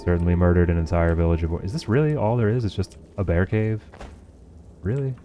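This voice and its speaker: A man's voice: low voice, brisk, warm tone, soft background music. A young man streaming gameplay, chatting casually with viewers in a profane, sarcastic running commentary. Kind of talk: casual livestream gameplay chat.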